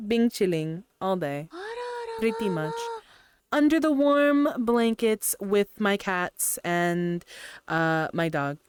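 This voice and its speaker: A woman's voice: medium pitch, smooth. A young adult woman chatting casually on a VR stream, greeting viewers and giggling often. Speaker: VRChat streamer.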